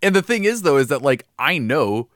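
Animated young man chatting on a podcast. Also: a little high, normal speed, no echo, studio quality. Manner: animated, laughs often, restarts sentences. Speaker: podcast co-host. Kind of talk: casual chat about tabletop games.

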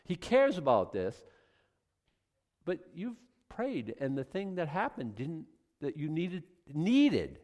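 A man's voice: on the high side, takes it slowly. A middle-aged man preaching a sermon as pastor, acting out little voices and asides. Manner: animated, acts out voices of God and people.

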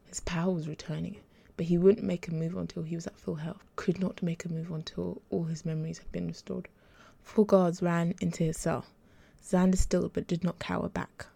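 A woman author reading her own story aloud in an even, measured audiobook narration. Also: on the low side, gravelly, slightly rough.

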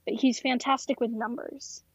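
A weary head accountant who pops her gum between orders, put on by a woman running the game. The voice sits high, and the recording is dull and dry. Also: level tone, moderate pace, slightly rough, dry recording. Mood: brisk. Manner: weary, exasperated. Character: brisk gum-popping female office boss.

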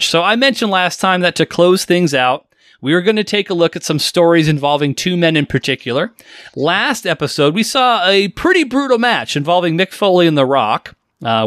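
A man's voice: a little high, fairly bright tone, no echo, clean studio sound. A man in his forties hosting a podcast in a jokey, chatty way, now and then bursting into silly voices. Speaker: podcast host. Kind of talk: casual podcast chat.

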